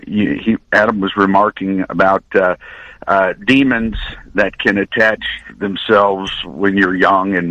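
A man's voice: on the low side, sharp tone, dry recording. Older man on a dull phone line. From Oklahoma, USA. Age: 60s. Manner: earnest, rambling retelling with halting restarts. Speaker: radio caller. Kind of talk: call-in storytelling. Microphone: telephone.

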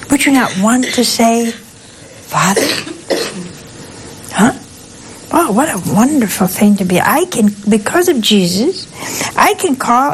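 A woman's voice: medium pitch, a little hiss or hum, low-quality recording. An older woman, a nun, giving a conversational sermon that is folksy and humorous, often asking her listeners questions. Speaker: nun giving a spiritual talk.

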